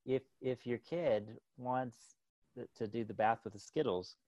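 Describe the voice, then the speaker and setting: A man in his thirties talks in loose, rambling casual chat, filling his sentences with "like" and "right?" and breaking into laughs. His voice sits at a middling pitch and is recorded close and dry, with no room sound around it. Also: a little slow, dark tone, dry recording, dull audio.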